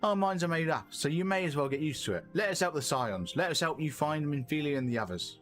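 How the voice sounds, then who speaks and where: A man voicing a gruff, loyal male soldier with blunt, folksy, rough-spoken talk. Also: a little high, animated, fast, fairly bright tone, soft background music. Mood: stubborn. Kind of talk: reading game dialogue aloud.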